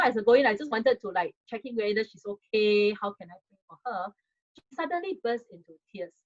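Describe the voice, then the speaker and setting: A woman with a Singaporean accent giving a parenting talk over a video call, conversational and full of fillers, speaking directly to her audience. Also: mid-range voice. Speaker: webinar speaker. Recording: dull lo-fi video call audio.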